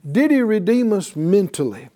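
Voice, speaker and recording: A man's voice: high voice, big pitch swings, moderate pace, dark tone. A middle-aged man teaching a sermon to a class, emphatic and full of rhetorical questions and repetition. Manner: emphatic, asks rhetorical questions and repeats phrases. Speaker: Bible teacher.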